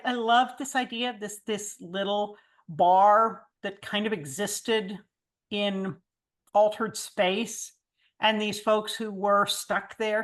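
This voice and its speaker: A woman leads a relaxed fan panel. She talks in a thoughtful, reflective way and moves the conversation from one panelist to the next. Her voice sits in a middle pitch. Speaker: panel moderator. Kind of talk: casual fan panel discussion.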